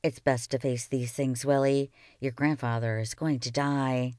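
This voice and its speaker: Figure: a woman reading a calm, firm country doctor. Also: a bass voice, dry recording, studio quality. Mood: grave. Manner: quiet, slow and measured.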